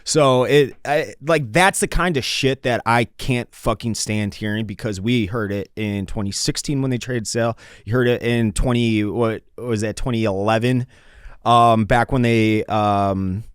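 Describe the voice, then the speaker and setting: A man's voice: medium pitch, fairly even intonation, unhurried, clean tone, no echo, studio quality. A man co-hosting a casual sports podcast, telling long rambling stories and swearing freely. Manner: rambling storyteller, swears a lot. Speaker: podcast co-host.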